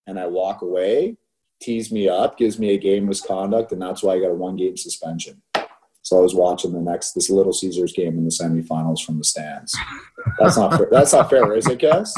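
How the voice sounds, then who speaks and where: A middle-aged man with a low, mellow voice tells stories in a relaxed chat. His delivery is animated, and he keeps checking in with "right?" as he goes. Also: brisk, slight background noise. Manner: animated storyteller, laughs through anecdotes, frequent "right?". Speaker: youth hockey coach, podcast co-host. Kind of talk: casual storytelling chat.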